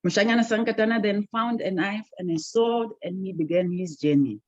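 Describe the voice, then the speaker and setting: Husky storyteller. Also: mid-range voice, a little fast. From southern Africa, Basotho. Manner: expressive, dramatic storytelling with swells in volume. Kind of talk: folktale storytelling. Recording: dull lo-fi recording.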